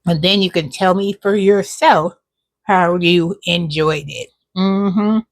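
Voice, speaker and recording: A woman's voice: lowish voice, fairly even intonation, slow pace, dry recording, clean studio sound. A woman chatting casually to camera at home as a cooking and gardening vlogger, drawing out her words and calling viewers "child" and "y'all".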